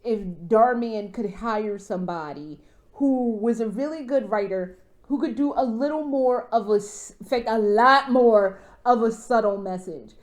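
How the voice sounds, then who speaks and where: Woman vlogger with a high, bright voice, ranting casually; profane, rambling, animated, lots of fillers. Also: a little slow. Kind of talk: casual rant.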